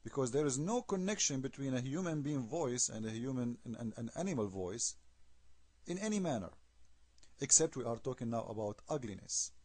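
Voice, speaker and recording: A man's voice: mid-range voice, lively intonation, normal speed, a little mellow, no room sound. A man giving an argumentative video commentary, emphatic and scornful, firing off rhetorical questions in non-native English. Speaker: online commentator.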